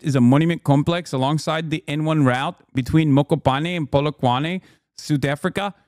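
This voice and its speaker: Profane, fast-talking male streamer, dry close mic. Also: fairly high pitch, no room sound. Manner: profane, animated, reading aloud from a wiki page. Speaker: streamer reacting to news clips. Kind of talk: casual live-stream commentary.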